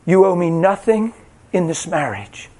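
A man's voice: high-pitched, very animated, measured pace, darkish tone. A man preaching a sermon, telling his own testimony with emotion and acting out the voices in it. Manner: dramatic, acts out voices, cries out.

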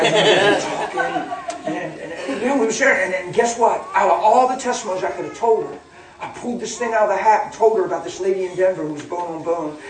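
A preacher telling a testimony in a sermon, animated and laughing, dropping to a hush and then rising to a shout. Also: medium pitch. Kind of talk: sermon storytelling. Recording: echoey hall, mic at a distance. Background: audience and room noise.

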